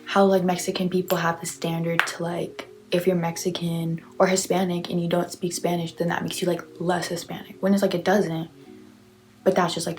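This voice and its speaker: Young woman reader, lower-pitched, quick sarcastic reactions, laid-back chat. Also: a little mellow. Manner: chatty, filler-heavy, sarcastic asides. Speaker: reader reacting to online confessions. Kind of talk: casual reading and reaction.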